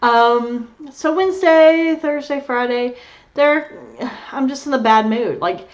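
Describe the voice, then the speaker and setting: A woman's voice: sits high, slow pace, muffled recording. A young adult woman vlogging, telling a rambling story in casual chat and laughing as she goes. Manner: candid, rambling, laughs through her story.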